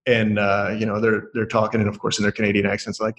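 A man co-hosting a podcast, talking casually in a rambling, animated way and laughing often. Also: lowish voice, fast, few pauses, low-quality recording. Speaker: podcast co-host.

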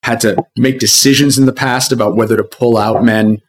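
A man's voice: medium pitch, fairly even intonation, a little fast. A man who is an executive, a guest in a conversational interview, speaking earnestly and reflectively. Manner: earnest, reflective, with frequent restarts.

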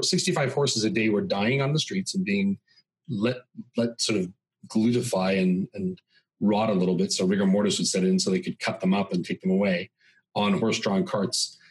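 A man's voice: lowish voice, slightly rough, low-quality recording. A man talking as a podcast guest, telling long stories full of examples. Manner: expansive storyteller, dense with examples. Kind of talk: conversational podcast interview.

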